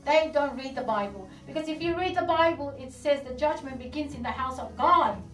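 Woman pastor, high voice, fervent sermon with rhetorical questions; distant, echoey room recording. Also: brisk, a bit bright, soft background music.

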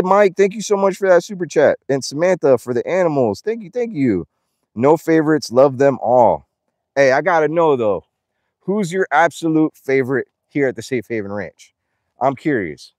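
A man's voice: medium pitch, no room sound, studio quality. A young man livestreaming casually outdoors at an animal ranch, reading donor names and talking to the animals. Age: young adult. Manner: chatty, reads donor names aloud, coos at animals.

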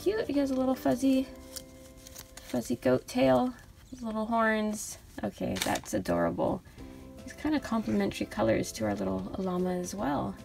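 A young woman narrates a toy unboxing in a soft, cooing voice, gushing over every cute little toy. Her voice sits a little high and has a gravelly fry at the ends of phrases. Faint music plays underneath. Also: moderate pace.

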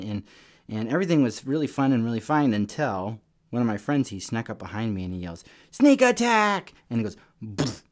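A young man teaching a children's Sunday school lesson, telling a story in a casual, lively way. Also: on the low side. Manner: casual, storytelling to kids, animated.

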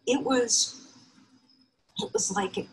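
A woman in her fifties telling a personal story on stage, emotional and heartfelt, her voice often jumping high. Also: takes it slowly, rough recording. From United States. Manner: emotional, heartfelt, with sudden high pitch lifts.

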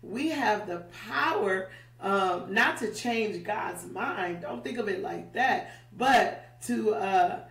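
A woman's voice: medium pitch, animated, slow pace, gravelly, fairly bright tone. A woman teaching a Bible study in a conversational way, often checking in with "right?". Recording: roomy, distant mic.

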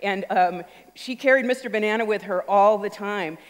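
A woman speaks at a mid pitch in an animated, storytelling stage talk, acting out little voices as she goes. Her voice carries through a large auditorium with a long, ringing reverb. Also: moderate pace. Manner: animated, acts out voices and sounds.

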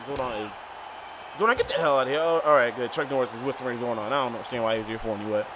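A man doing comedic wrestling play-by-play, hyped and shouting at big moves, with rambling asides. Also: medium pitch, rapid-fire. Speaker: wrestling commentator. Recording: noisy outdoor recording.

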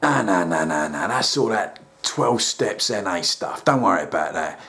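A man puts on a gruff London rehab counselor with a very deep, dragging voice. He is deadpan and patronizing, lecturing like a weary old hand in a comedy sketch. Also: moderate pace, full character voice. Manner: low, deadpan and patronizing, calls everyone son.

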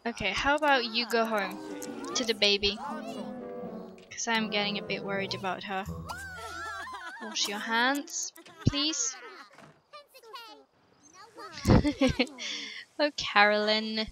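Woman game streamer, slightly high voice, slow easy delivery, chats to her characters. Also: over music, poor audio. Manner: gushing, chatty, talks to the game characters. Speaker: let's play host. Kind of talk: casual gameplay commentary.

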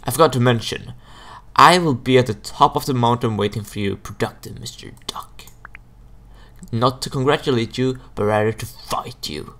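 A man's voice: mid-range voice, normal speed, a bit bright, lightly acted. A young man voicing a mocking villainous mountain boss who taunts the player, in a gaming video. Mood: taunting.

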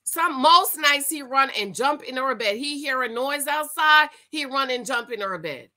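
A woman with a high, bright voice hosts a commentary vlog, reading out news and then reacting to it with indignation. She speaks directly to her viewers in a casual, conversational way. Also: animated, normal speed, rough recording. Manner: indignant, talks straight to viewers. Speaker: YouTube commentary host.

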